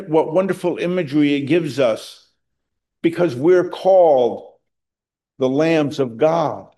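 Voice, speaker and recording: A middle-aged pastor delivers a sermon in a slow, unhurried rhythm. His voice is mellow and somewhat high for a man, and he raises it with emphasis whenever he quotes scripture. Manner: slow, earnest preaching with emphatic rises on quoted verses.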